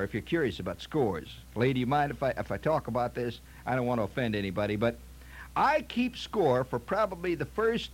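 A man's voice: fairly high pitch, husky. A man telling a comic story in a folksy, rambling way, often stammering and repeating himself. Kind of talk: comic anecdote monologue.

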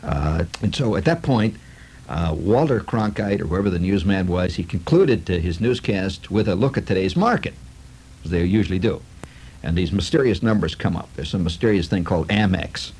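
A man's voice: low-pitched, moderate pace, a little hiss or hum, poor audio. A man in a comic monologue, telling stories with sarcasm and lots of fillers. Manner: animated, sarcastic storytelling with many fillers.

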